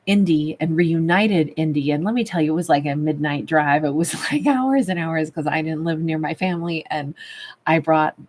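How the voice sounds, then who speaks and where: A woman tarot reader in a casual livestream, chatting affectionately with viewers and calling them babe and love, a little rough from a recent cough. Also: sits low, moderate pace, a little mellow. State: recovering from a cough. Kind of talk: livestream chat reading viewer comments.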